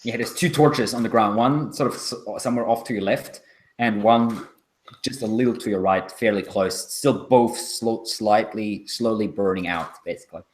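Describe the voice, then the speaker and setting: A man's voice: fairly low pitch, normal speed, slight background noise. A man narrating a tabletop role-playing game as game master, describing the scene loosely.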